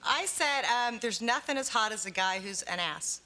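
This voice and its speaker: A woman's voice: fairly high pitch, expressive, normal speed, background noise. A woman in her twenties, a dating show contestant, chatting in a flirty, giggly way. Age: 20s. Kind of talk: casual chat.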